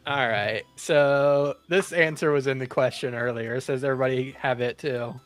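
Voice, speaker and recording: A man's voice: medium pitch, fairly even intonation, moderate pace, soft background music. A man hosting a casual podcast quiz over a call, teasing the players between questions. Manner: joking, teasing. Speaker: quiz host.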